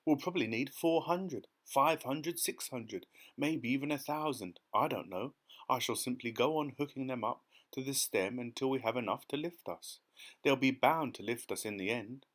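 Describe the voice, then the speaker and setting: A man voicing an earnest young boy who calmly and steadily explains his plan in an audiobook. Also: medium pitch, normal speed, pitched above the performer's own voice, lightly acted. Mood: determined. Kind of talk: audiobook character reading.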